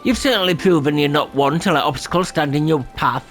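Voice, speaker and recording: A man's voice: fairly high pitch, fairly quick, fairly bright tone, soft background music, natural voice. A man voicing a haughty game quest-giver in a posh English accent, clipped and condescending. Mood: disdainful.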